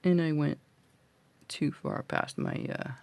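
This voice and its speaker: Gravelly-voiced man teaching beadwork. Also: on the high side, steady tone, slow, darkish tone, no room sound. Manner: chatty, mutters to self while working. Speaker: jewelry tutorial host. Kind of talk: casual beading tutorial. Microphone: phone.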